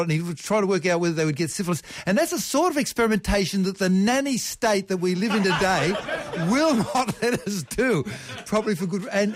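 An Australian man on radio talkback, chatting in an excitable, rambling and gleeful way. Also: high-pitched, dry recording. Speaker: science talkback guest. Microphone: studio mic.

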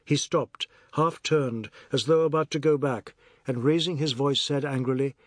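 A male audiobook narrator reads a novel aloud in a measured, even storytelling style. His voice is medium-pitched, and the scripted narration is recorded in clean studio sound with no room noise.

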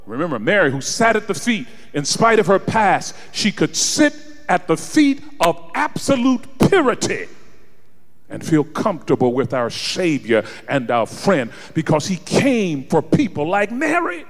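A man preaching a sermon, swinging between hushed low passages and shouted peaks. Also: very animated, moderate pace, long reverb tail.

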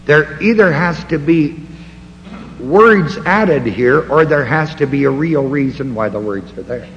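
A man teaching a Bible study, slowly walking listeners through word references in a deliberate way. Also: on the high side, animated, a bit bright, long reverb tail, dull audio, a little hiss or hum. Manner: slow, deliberate, pausing to point out references.

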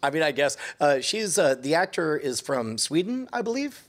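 A man's voice: a little high, sing-song, normal speed. Male co-host, casual chat, jokey, laughs a lot. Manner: joking, laughs often.

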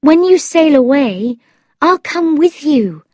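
A woman voicing a naive young woman in love, speaking high and pleading in a read-aloud story. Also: lively intonation, takes it slowly, dark tone, no room sound, studio quality. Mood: dreamy.

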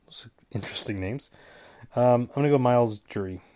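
A man's voice: medium pitch, a little fast, warm tone. A man with a stuffy nose hosting a casual solo show, rambling through picks with jokey asides and stumbling over names. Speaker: podcast host giving fight picks.

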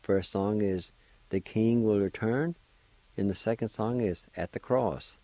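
Slow, low-voiced man teaching pronunciation. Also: dark tone, no room sound, low-quality recording. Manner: patient, spells syllables letter by letter. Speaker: language teacher on radio. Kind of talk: slow spelled-out pronunciation lesson.

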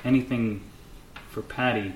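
A man voicing a calm, patient robed spirit-reader who speaks gently and searchingly. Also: mid-range voice, a little slow, roomy sound, a little hiss or hum, natural voice, low-quality recording.

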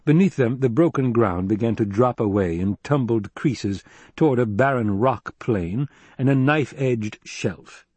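A man narrating an audiobook in a steady, even-toned way. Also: mid-range voice, measured pace, husky, no echo. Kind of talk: scripted narration.

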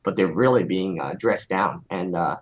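A man's voice: low-pitched, moderate pace. Emphatic man in crude casual chat. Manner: emphatic, crude, drawls key words.

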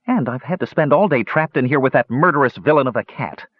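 A man voicing a furious, starving male squirrel who is caged and sharp-tongued, with shrill, indignant chattering. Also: lively intonation, fast talker, breathy edge, no echo. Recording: dull lo-fi recording.

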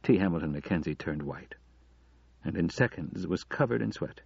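A male audiobook narrator with a low, husky voice and a steady, measured delivery. The recording is dry and close, with a dull, lo-fi tone. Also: no room sound.

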